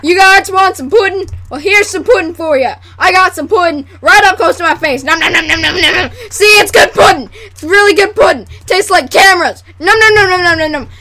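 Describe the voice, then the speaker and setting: A woman putting on a hyper male pitchman selling pudding in a mock commercial, shouting frantically. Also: fairly quick, hardly any pauses, exaggerated voice. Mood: manic shouting.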